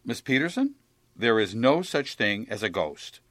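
A sarcastic, blustering lawyer boss. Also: male voice, mid-range voice, sing-song, unhurried, fairly bright tone, dry recording, studio quality. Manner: sarcastic, exasperated. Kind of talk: 1950s radio sitcom acting.

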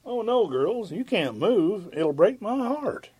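A bashful maestro with a wry, hesitant way of talking. His tone is mellow and soft, in the manner of a 1950s radio sitcom. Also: high voice, sing-song, takes it slowly, slightly rough, heavily acted. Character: shy, lovelorn male music teacher neighbor, wry.

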